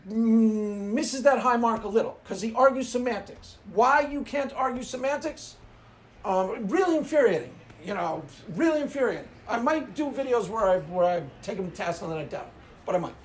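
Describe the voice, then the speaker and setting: A man hosting his own channel, giving opinionated video commentary in an emphatic, scolding way, repeating his points for weight. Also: very high-pitched. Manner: emphatic, repetitive, scolding rant. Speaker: channel host.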